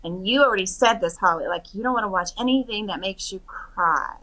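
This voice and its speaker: A middle-aged woman talks casually on a podcast about the retreats she runs. Her voice is bright and clear, and she tells her stories in an animated way. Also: medium pitch, fairly quick, rough recording. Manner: animated storytelling, quotes others in lively voices. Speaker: podcast guest, retreat organizer. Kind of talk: casual interview chat.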